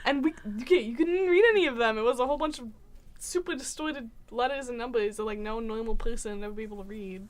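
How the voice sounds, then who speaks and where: A young woman co-hosting a casual chat podcast, her voice pitched somewhat high. She is chatty, laughs easily and jumps in often. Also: quick pace. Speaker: podcast co-host.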